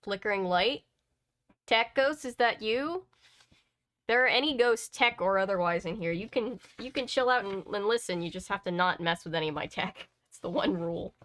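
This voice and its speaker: A woman reads a novel aloud at home, casual and unhurried. She keeps breaking off for chatty, self-mocking asides before picking the story back up. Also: medium pitch, a bit bright. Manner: chatty, laughs at herself, digresses often. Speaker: book-reading channel host. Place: home editing room.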